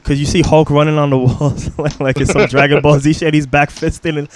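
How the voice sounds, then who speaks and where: A man co-hosting a casual podcast, relaxed and laughing as he defends a film. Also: fairly high pitch, a little fast, slight background noise. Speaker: podcast co-host. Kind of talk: casual chat. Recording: busy background chatter.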